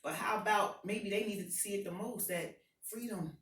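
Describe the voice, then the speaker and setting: A woman giving an impassioned personal testimony to a live audience, swinging from hushed to shouting. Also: mid-range voice, moderate pace. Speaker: motivational speaker. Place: event hall with an audience. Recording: echoey hall, voice picked up from far off.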